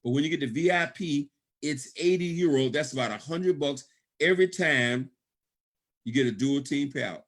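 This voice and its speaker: A man's voice: fairly high pitch, moderate pace. A middle-aged man, presenting a business opportunity on a call, emphatic and repetitive, checking in with "okay?" often. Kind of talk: sales pitch on a conference call.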